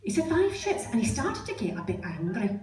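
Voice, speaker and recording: A woman's voice: mid-range voice, wildly swooping pitch, quick pace, noisy background. A middle-aged Scottish woman doing stand-up comedy, a chatty, self-mocking storyteller. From Scotland. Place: comedy club stage. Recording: roomy stage sound, distant mic, audience laughter. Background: audience laughing.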